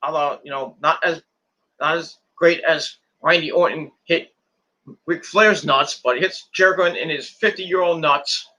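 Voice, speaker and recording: A man's voice: on the high side, a little slow, pushed and bright. A man casually recapping a wrestling match move by move, rambling and repeating words as he goes. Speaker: wrestling show reviewer.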